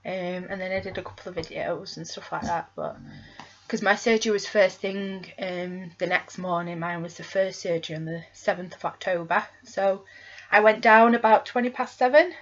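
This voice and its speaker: A woman's voice: lowish voice, fairly even intonation, moderate pace, lo-fi sound. A woman vlogging in casual chat with her boyfriend, rambling with lots of ums and tag questions.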